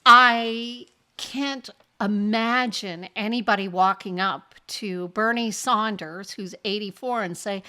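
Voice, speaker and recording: A woman's voice: mid-range voice, slow. An older woman hosting a podcast, telling personal stories frankly and acting out the remarks of others, often with a laugh. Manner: animated, acts out quoted remarks. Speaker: podcast host. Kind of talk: personal storytelling monologue.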